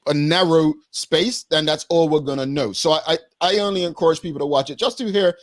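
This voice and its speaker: A man's voice: fairly high pitch, brisk, dry recording. A man from Bermuda hosting a talk show, conversational and thinking aloud, often repeating himself.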